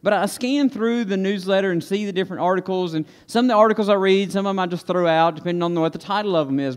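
A man with a high voice gives an earnest, plain-spoken sermon and prayer to his congregation. His words ring out with a long reverb through a church sanctuary. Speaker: pastor.

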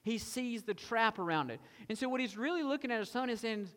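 A man preaching a sermon as pastor, animated, acting out a tempter's coaxing and a father's pleading. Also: very high-pitched, brisk, few pauses, big-room sound.

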